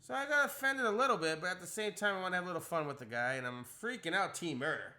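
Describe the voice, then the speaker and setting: A young man telling a story on a casual podcast, animated, acting out the quotes in a rising voice. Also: high voice, fast.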